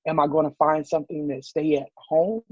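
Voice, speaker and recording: A man's voice: a little high, brisk, dry recording. A man with a Southern US accent, a business owner chatting as a podcast guest, telling stories and acting out the voices of the people in them. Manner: animated storyteller acting out quoted voices. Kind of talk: casual interview chat. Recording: dull, slightly muffled podcast audio.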